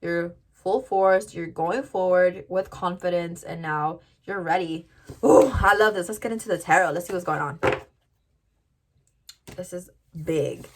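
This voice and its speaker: Speaking straight to her viewers, this tarot reader keeps things casual and chatty, sprinkling in plenty of "like." She talks a little slowly in a lowish voice, and there's noise in the background.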